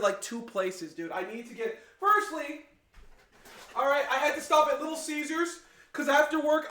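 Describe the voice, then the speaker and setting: An excitable young man with a very high voice chats with viewers during a casual live stream. He rambles along in an echoey kitchen, caught by a room mic rather than a close one. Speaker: livestream host. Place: home kitchen. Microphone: omnidirectional mic set in the room.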